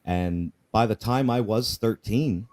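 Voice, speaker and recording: A guest shares his life story as a personal testimony, speaking earnestly and candidly, often repeating himself and asking "right?". His voice is fairly low and darkish in tone, and he talks slowly.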